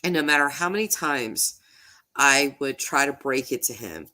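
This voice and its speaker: A woman's voice: rumbling low, animated, bright, forceful tone. Emotional woman on the edge of tears. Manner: halting, repeats words, laughs nervously. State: emotional, near tears and nasal. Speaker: true crime YouTuber. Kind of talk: casual livestream chat.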